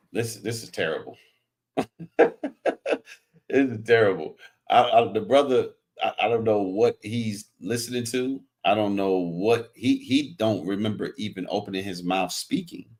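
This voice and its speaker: A man's voice: fairly low pitch, animated, unhurried. A man hosting a heated panel debate, questioning pointedly and arguing back. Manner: pressing, argumentative questioning.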